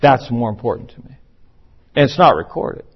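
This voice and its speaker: A man's voice: medium pitch, very animated, moderate pace, creaky, breathy edge. A man preaching a sermon in an emphatic, conversational way, now and then acting out the voices he quotes. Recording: muffled, lo-fi recording.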